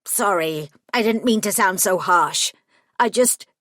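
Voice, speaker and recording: A woman voicing a prickly male gremlin solicitor who talks in a sharp, scornful, clipped way. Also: mid-range voice, unhurried, no room sound, clean studio sound, lightly acted. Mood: shaken.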